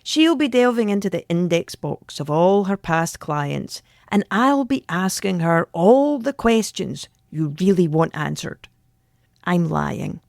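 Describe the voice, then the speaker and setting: A woman's voice: on the low side, vocal fry, dry recording, clean studio sound. A Scottish woman hosting a comic podcast, teasing and joking as she chats. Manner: playful, teasing, quick jokes. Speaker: podcast host.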